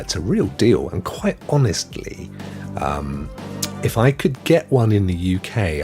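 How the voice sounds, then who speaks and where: A man's voice: sits low, darkish tone. A man hosting a casual livestream news show, chatty and rambling, greeting viewers by name. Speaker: host.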